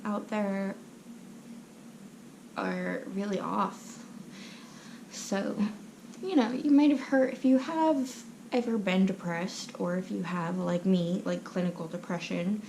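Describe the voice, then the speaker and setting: A woman's voice: medium pitch, background noise. A young woman hosting her own channel, chatting casually and often half-whispering at home, rambling with lots of fillers and restarts. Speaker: channel host. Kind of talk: casual personal chat to camera. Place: at home, someone asleep next door.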